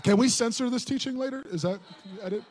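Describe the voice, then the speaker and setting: A middle-aged man preaching a sermon as pastor, animated and joking, acting out little voices and laughing as he goes. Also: very high voice, quick pace.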